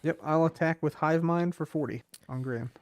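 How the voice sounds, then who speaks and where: A man's voice: on the high side, brisk, no echo. A man playing a card game with a friend, answering briefly and groaning in mock dismay at bad draws. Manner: easygoing, short replies, mock dismay. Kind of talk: casual game chat over a call.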